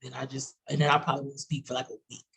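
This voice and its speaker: Texas lady on a video call, husky voice, talks quick n rambly, lots of "like". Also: rumbling low, level tone, fairly bright tone, low-quality recording. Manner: fast, rambling, with many fillers. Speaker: roundtable panelist. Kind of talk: casual chat.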